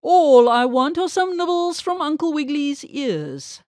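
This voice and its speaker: A woman's voice: high voice, sing-song, measured pace, a little mellow, no echo, studio quality, voice pushed up. A woman voicing a bad old male alligator in a storybook read-aloud, bellowing and greedy. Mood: menacing.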